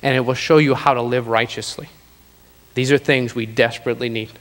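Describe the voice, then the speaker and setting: A man preaching a sermon to a congregation, slowing down to stress key lines. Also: mid-range voice, steady tone, a bit bright. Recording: long reverb of a hall.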